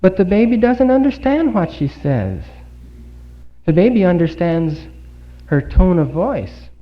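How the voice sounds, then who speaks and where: A man giving a Bible talk in a congregation hall, earnest and full of rhetorical questions and pauses. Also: high voice, sing-song. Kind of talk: sermon. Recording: dull lo-fi 1950s recording.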